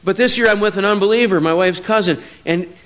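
High-voiced man preaching a storytelling sermon. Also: quick pace. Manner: storytelling, swings from low and quiet to loud emphatic peaks.

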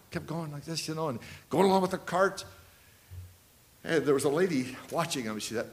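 A man around seventy preaching a sermon, telling anecdotes and repeating key phrases, swinging between loud and hushed delivery. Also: on the high side, expressive, fairly quick.

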